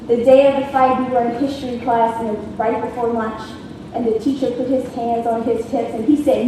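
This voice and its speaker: Animated woman telling a funny story in an echoey hall. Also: a little high, fairly quick, distant mic, a little hiss or hum. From Washington, D.C. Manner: animated storytelling with sound effects. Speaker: teacher. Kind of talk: humorous contest speech. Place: large conference hall.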